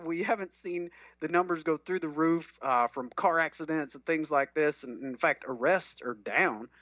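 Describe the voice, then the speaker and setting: A man's voice: a little high, pushed and bright, dry recording. A man who talks earnestly about medical cannabis, rambling along with fillers and restarts. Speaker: cannabis advocate speaker. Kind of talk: conversational talk. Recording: dull dry lo-fi sound.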